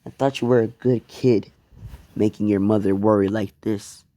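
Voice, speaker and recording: A man's voice: lowish voice, steady tone, normal speed, dark tone, no echo, natural voice. A man voicing a cold, harsh, disapproving grown father figure.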